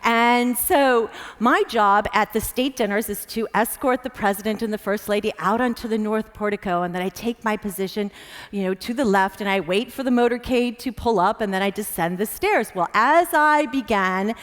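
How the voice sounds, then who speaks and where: An American woman and former diplomat telling animated anecdotes in a talk on stage, with many fillers. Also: medium pitch, moderate pace. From United States. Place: large event stage. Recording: long reverb of a large hall.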